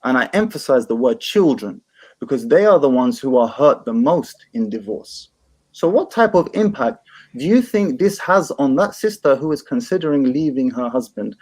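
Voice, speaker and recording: A man's voice: medium pitch, darkish tone. A man in a heated online debate, pressing his opponent and repeating his question.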